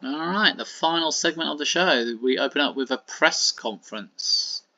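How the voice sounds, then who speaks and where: A man's voice: fairly high pitch, moderate pace, bright, forceful tone, no room sound. Casual man narrating a wrestling sim. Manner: casual, with many fillers and "sort of". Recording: dull, lo-fi and dry.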